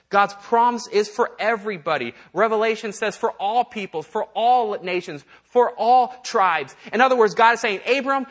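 A male pastor giving a conversational sermon, acting out the voices he quotes and often repeating words as he goes. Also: sits high.

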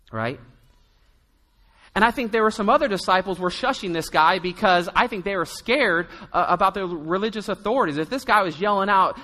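High, bright-voiced man preaching. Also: a little fast, in a large hall. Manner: storytelling, conversational, acts out quotes. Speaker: pastor. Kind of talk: sermon.

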